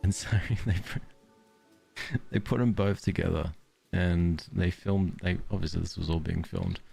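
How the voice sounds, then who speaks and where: Brief: low, gravelly Aussie bloke, relaxed let's-play chatter that wanders into tangents, soft music behind. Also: male voice, measured pace. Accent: Australian. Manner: rambling, tangent-prone storytelling. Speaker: streamer. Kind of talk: casual gameplay commentary.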